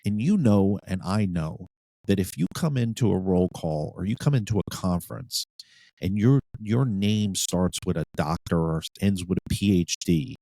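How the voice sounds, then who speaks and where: Deep-voiced ex-sergeant man, blunt and profane podcast co-host, dry sound. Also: animated, normal speed, warm tone, no room sound. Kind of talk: casual podcast chat.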